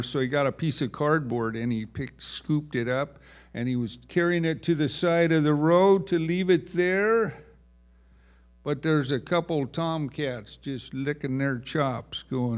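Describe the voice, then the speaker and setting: A man telling a children's story in a slow, folksy way, asking the listeners questions and putting on small voices for the characters. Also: medium pitch.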